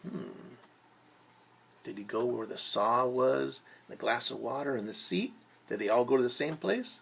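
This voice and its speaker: A young man teaching children, musing aloud with gentle questions during story time. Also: mid-range voice, animated, unhurried, gravelly, husky.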